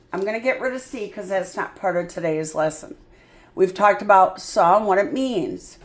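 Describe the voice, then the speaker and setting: A woman tutoring a child in phonics, sounding out words slowly and patiently. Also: medium pitch. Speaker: reading tutor. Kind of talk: phonics lesson.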